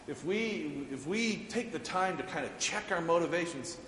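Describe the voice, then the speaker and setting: In an echoey church hall, a middle-aged male pastor gives a relaxed sermon full of laughter and filler words, speaking from the sanctuary. His fairly high, somewhat bright voice is animated, moving at a normal speed with hardly any pauses. Slight background noise can be heard.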